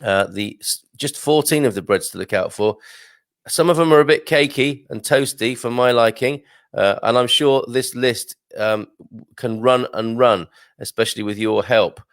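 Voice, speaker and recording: A man's voice: mid-range voice, moderate pace, no echo, clean studio sound. A man hosting a casual live stream, chatting and reading aloud with rambling asides. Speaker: host.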